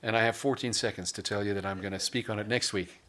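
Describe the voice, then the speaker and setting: A man's voice: on the low side, steady tone, fast, sharp tone. A male pastor preaching a sermon, mixing scripture with casual asides and humor.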